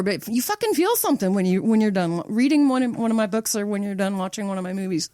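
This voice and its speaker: A woman's voice: medium pitch, animated, fast, dark tone, no echo, studio quality. A woman screenwriter from Nebraska, a podcast guest, talking bluntly and emphatically and swearing for emphasis. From United States (Nebraska). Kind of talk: casual podcast chat.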